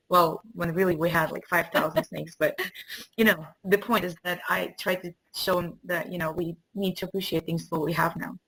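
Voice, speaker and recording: Casting: earnest woman host, lowish voice, emotional and warm-hearted chat. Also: husky, rough recording. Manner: earnest, emotional, laughs between sentences. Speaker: summit host. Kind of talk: casual interview chat.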